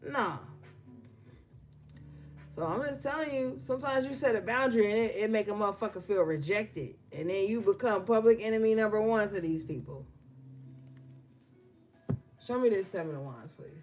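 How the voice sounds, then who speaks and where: A woman's voice: medium pitch, moderate pace, long pauses, a little mellow, soft background music. A woman doing a casual tarot reading, blunt and profane, telling stories between the cards she draws. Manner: blunt, profane, conversational with slang. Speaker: tarot reader.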